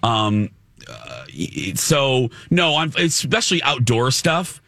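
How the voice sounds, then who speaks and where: Male talk host, bright, punchy, very dry studio sound, animated storyteller. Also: medium pitch, slow pace, vocal fry, no room sound. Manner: animated, tells stories with voiced quotes. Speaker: radio show host. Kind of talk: casual studio chat.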